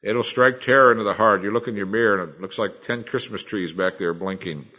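A man's voice: on the low side, fairly quick, sharp tone. Guy preaching, earnest and punchy, sounds kinda dull and lo-fi. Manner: earnest, emphatic, with sudden dynamic swings. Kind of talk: sermon.

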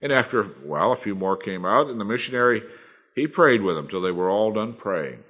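A man's voice: fairly low pitch, big pitch swings, a little fast, fairly bright tone, slightly rough. Guy preaching, earnest and punchy, sounds kinda dull and lo-fi. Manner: earnest, emphatic, with sudden dynamic swings. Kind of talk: sermon.

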